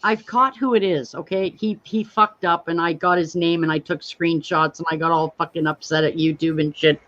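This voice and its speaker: A woman's voice: lowish voice, steady tone, moderate pace, fairly bright tone. A woman hosting a casual live stream. She talks hesitantly and often restarts her sentences. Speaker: stream host. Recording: muffled lo-fi mic with faint hiss.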